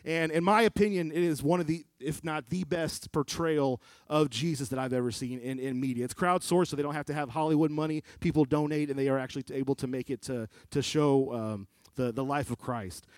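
A man preaching a sermon, quoting scripture and swinging from loud pleading to hushed, low delivery. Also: fairly even intonation, a little fast, no room sound. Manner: quotes scripture in King James wording.

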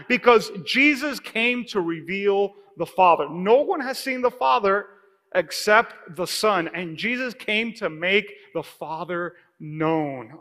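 High, bright-voiced preaching man. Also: big-room sound. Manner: emphatic preaching, calls for congregation response. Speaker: pastor. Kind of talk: sermon. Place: church sanctuary.

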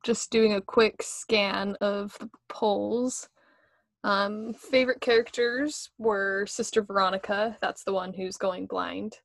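A woman's voice: mid-range voice, fairly even intonation, takes it slowly, gravelly, dry recording. A young woman hosting a casual film podcast, gushing about a film, laughing often and filling her talk with "like". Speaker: podcast host.

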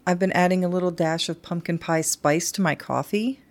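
A woman co-hosting a podcast in casual chat, playful and quick to laugh. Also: fairly low pitch. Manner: chatty, laughs often, playful. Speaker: podcast co-host.

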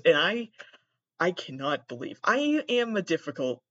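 A man hosting a podcast in a rambling, profane, self-deprecating monologue, with a gravelly, monotone voice. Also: on the high side, a little slow, no room sound. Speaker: podcast host. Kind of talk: casual monologue. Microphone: laptop recording. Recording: dull, dry lo-fi sound.

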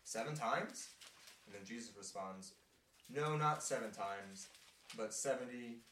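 A man leading a casual group Bible discussion. He reads scripture and acts out quotes in playful, animated voices. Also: mid-range voice, measured pace, slight background noise. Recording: echoey room, mic at a distance.

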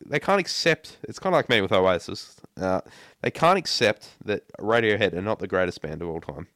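A man's voice: lowish voice, lively intonation, normal speed, a bit bright, no echo. A young man co-hosting a casual podcast, often repeating his words as he starts sentences. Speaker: podcast co-host.

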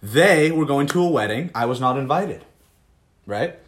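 A young man co-hosting a casual podcast, excitable and quick to laugh, with casual swearing. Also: mid-range voice. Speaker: podcast co-host. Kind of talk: casual chat.

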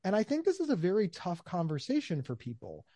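A man answering interview questions in an animated way, often repeating his words as he talks. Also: high voice, fairly quick, no room sound. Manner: animated, acts out quoted voices, repeats words. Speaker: guest, mental health speaker.

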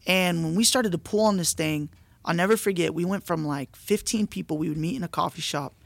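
A male pastor telling stories in a casual, animated podcast chat, restarting often and saying dude and bro. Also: high-pitched, fairly quick, creaky, no room sound.

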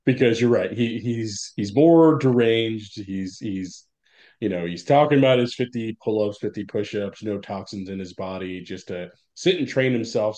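A man co-hosting a casual movie podcast who talks in an animated, profane way and laughs easily. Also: on the low side. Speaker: podcast co-host. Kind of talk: casual film discussion.

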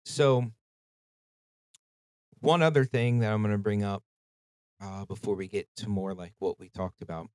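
A man's voice: lowish voice, steady tone, measured pace, long pauses, a little mellow, dry recording. Sweary casual podcast man, dry sound. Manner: profane, rambling storytelling. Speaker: podcast host. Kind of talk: casual chat.

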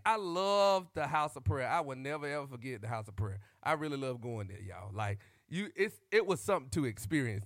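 A man vlogging into a close microphone, joking and riffing like a preacher, animated and shouting at times and calling out to y'all. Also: mid-range voice, fairly quick, few pauses, no echo. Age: adult. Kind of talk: comic monologue with preacher-style riffs.

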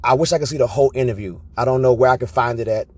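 Husky man telling animated stories. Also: medium pitch, rapid-fire, dry recording. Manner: animated, profane, tag questions like "right?". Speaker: vlogger. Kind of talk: casual storytelling monologue.

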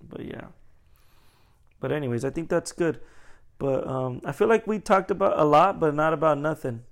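A man's voice: normal speed, vocal fry. A young man co-hosting a casual podcast, chatty and joking, often acting out what other people say in a raised voice. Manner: chatty, jokey, acts out quotes in high voices. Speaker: podcast co-host. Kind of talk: casual chat.

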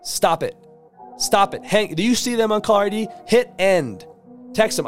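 A man telling a motivational story in a blunt, profane way, with sudden loud bursts. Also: high-pitched, lively intonation, normal speed, over music. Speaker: motivational speaker. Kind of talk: energetic storytelling monologue.

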